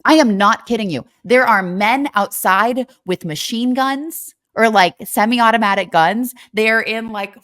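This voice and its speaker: A young woman co-hosting a podcast, telling a story in a casual, animated way with lots of fillers. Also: on the high side, a little slow, few pauses. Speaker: podcast co-host.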